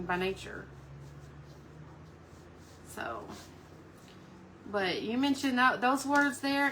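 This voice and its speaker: A woman's voice: medium pitch, a bit bright, a little hiss or hum, rough recording. A woman chatting casually on a live craft stream from home, cooing at her dog between talk about her painting.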